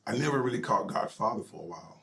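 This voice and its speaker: A middle-aged male pastor telling his personal story in an interview, emotional and halting, sometimes dropping to a near whisper. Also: lowish voice, lively intonation, vocal fry, sharp tone. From United States.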